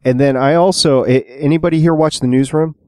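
A man's voice: on the high side, fairly even intonation, a little fast, a little mellow, clear, resonant tone, no room sound, clean studio sound. A man co-hosting a podcast, chatting casually about films and sharing trivia with a laugh. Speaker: podcast co-host.

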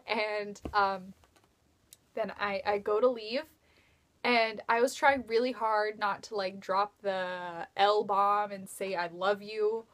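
A woman's voice: mid-range voice, fairly bright tone. A young woman telling a fan story in a casual vlog, giddy and gushing, with breathless squealing outbursts. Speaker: fan vlogger. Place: bedroom at night.

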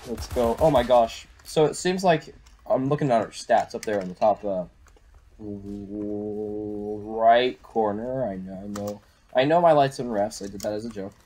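A young man giving excitable live commentary while playing a shooter game at home on a desktop microphone. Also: lowish voice, a little slow, soft background music. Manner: excitable, reactive, frequent exclamations. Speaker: gaming YouTuber.

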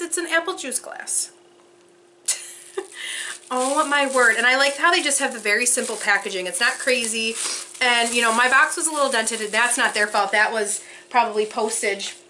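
A young woman vlogging an unboxing, gushing with breathless excitement and frequent gasps. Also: high-pitched, slight background noise.

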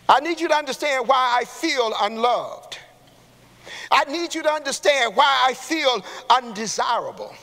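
High, bright-voiced preacher in a reverberant church. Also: male voice. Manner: call-and-response preaching, rising to shouts. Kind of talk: sermon. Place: church sanctuary. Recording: long hall reverb in a church.

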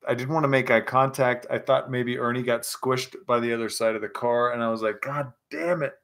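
Fairly quick and fairly bright, this young livestream host keeps a mid-range voice and a level tone. He's somewhat tipsy from scotch, rambling and cursing through chat and stories with plenty of laughter.

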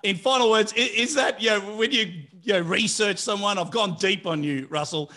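Aussie male interviewer, high and bright, eager, chatty, quick to laugh. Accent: Australian. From Australia. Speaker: interview host. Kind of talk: casual interview chat.

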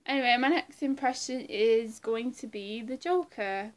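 A woman's voice: fairly high pitch, expressive, moderate pace. A woman video creator in casual chat, rambling and self-deprecating. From British.

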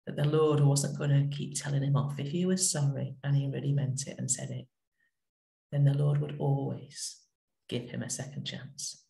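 Woman vicar, middle-aged, gentle storytelling reflection, gravelly voice, roomy sound. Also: extremely low pitch, steady tone, moderate pace. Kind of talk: short spoken reflection.

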